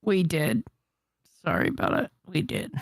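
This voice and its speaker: Woman, stream co-host, blunt, animated pitch, dry close sound. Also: unhurried, gravelly, no echo. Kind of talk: casual livestream chat.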